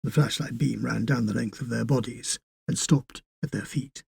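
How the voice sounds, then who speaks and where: Guy narrating a horror tale, gravelly and husky, pretty dark tone. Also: mid-range voice, normal speed, no room sound, studio quality. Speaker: story reader. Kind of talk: scripted horror fiction narration.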